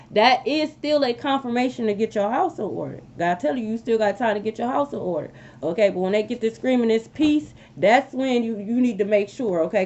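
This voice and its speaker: A woman delivers a tarot reading in a high, animated voice, repeating herself and dropping frequent "okay?" asides. The recording is a little dull and lo-fi. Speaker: tarot reader. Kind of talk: casual tarot reading to viewers.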